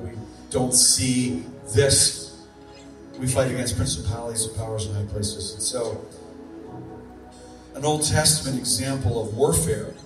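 A man preaching a sermon as a pastor in a church, his volume rising and falling for emphasis. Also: mid-range voice. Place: church sanctuary.

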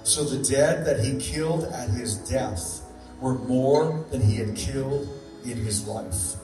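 A man's voice: mid-range voice, slow, music in the background. A man preaching a sermon as a pastor in a church, his volume rising and falling for emphasis. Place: church sanctuary.

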